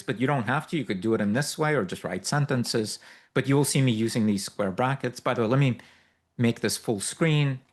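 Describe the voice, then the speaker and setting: Man, workshop instructor, live software demo, loose explanatory delivery, lots of fillers, mid-pitched voice. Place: workshop room with a live audience.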